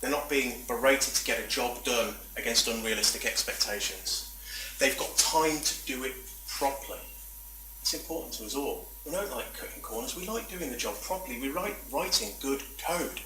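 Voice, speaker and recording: A man's voice: mid-range voice, animated, normal speed, pushed and bright, recorded from a distance, slight background noise. Man talking in an echoey room. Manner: chatty, self-deprecating, rambling asides. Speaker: conference speaker. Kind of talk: presentation talk.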